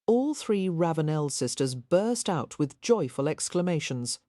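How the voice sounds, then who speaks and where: A woman reads a historical romance audiobook in an even, measured way. Her voice is low and mellow, and the recording is close and dry with no room sound. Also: no room sound. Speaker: audiobook narrator. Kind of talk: scripted narration.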